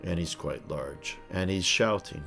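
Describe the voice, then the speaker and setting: A man acting as game master who describes the scene in an unhurried way, with some hesitations. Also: low-pitched, bright, forceful tone, faint music behind. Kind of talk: narrating a tabletop game.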